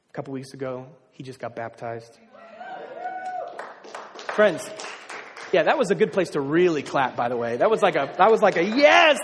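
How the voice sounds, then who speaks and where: A man's voice: high-pitched, a little hiss or hum. A man preaching a sermon as a pastor, telling a personal story and building to emphatic declarations. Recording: long hall reverb.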